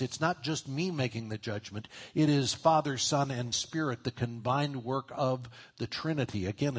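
A man with a husky, slightly breathy voice preaches a sermon. He talks in a plain conversational way and briefly lifts his voice to act out the people he quotes. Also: medium pitch. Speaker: pastor.

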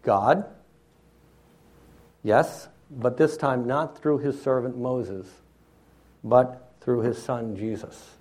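A man's voice: mid-range voice, slow, pauses often, a little mellow, breathy edge. A man preaching an expository sermon in a teacherly way, often checking in with his listeners.

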